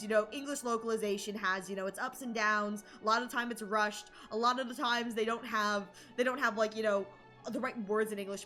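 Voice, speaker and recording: A young adult woman streaming and chatting casually, animated and rambling with lots of fillers and restarts. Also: on the high side. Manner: excited shouted greetings to chat. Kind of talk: casual live-stream chat.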